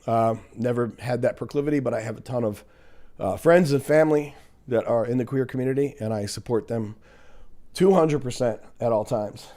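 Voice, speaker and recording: A man's voice: medium pitch, moderate pace, warm tone. Blunt, profane man ranting on a livestream. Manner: blunt, profane, sarcastic, laughs at commenters. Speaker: livestream host reading viewer comments. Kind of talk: casual livestream rant.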